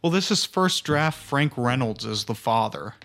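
A man co-hosting a podcast, chatting casually about a film with wry, quick pushback. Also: medium pitch, expressive, fairly bright tone. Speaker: podcast co-host.

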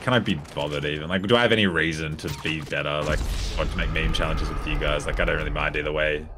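A man with a very low voice speaks as a podcast guest in a loose, laid-back way, swearing casually. A faint hiss runs under the recording. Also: fairly even intonation, quick pace. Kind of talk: casual chat.

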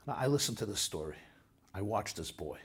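A man's voice: fairly low pitch, sing-song, brisk, husky. A man who is a rabbi and lecturer, speaking earnestly in an impassioned storytelling manner and sprinkling in Hebrew and Yiddish terms.

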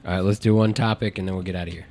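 A man's voice: low-pitched, fairly even intonation, rapid-fire, a little mellow, a little hiss or hum. A man, a comedian co-hosting a podcast, bantering in a laid-back, wry way. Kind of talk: casual banter.

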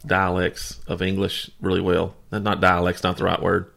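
Guy cohosting a podcast, low voice w/ lots of gravelly fry, rambly self-deprecating stories. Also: completely flat delivery, moderate pace, fairly bright tone. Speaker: podcast co-host. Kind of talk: casual chat.

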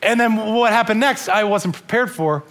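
Man, pastor, high voice, earnest sermon in church, stumbling restarts. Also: normal speed, a bit bright, a little hiss or hum. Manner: earnest, repeats and restarts words.

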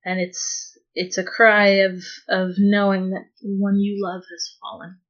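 A woman player slowly describes what her character does in a tabletop game. Her voice stays flat and steady, with hesitant restarts. The sound is dull and muffled. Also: mid-range voice. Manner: hesitant, thoughtful.

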